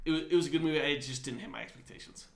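A man's voice: on the high side, racing, creaky. A young man co-hosting a casual sports podcast, rambling with lots of fillers and restarts. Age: young adult. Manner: rambling, many likes and restarts. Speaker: podcast co-host. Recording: echoey room.

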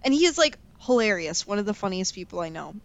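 A woman's voice: mid-range voice, very animated, quick pace. A young woman in her twenties co-hosting a casual chat, a playful storyteller who laughs often. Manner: chatty, giggly, playful storyteller. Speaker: podcast co-host.

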